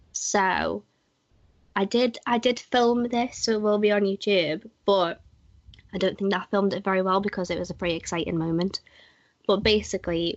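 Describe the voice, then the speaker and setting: A woman's voice: fairly low pitch, no echo. A young woman chats on a podcast, telling a story and slipping into the voices of the people in it. The sound is dry and a little muffled. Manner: chatty, acts out quoted dialogue. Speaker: podcast co-host. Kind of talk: casual chat, trip storytelling.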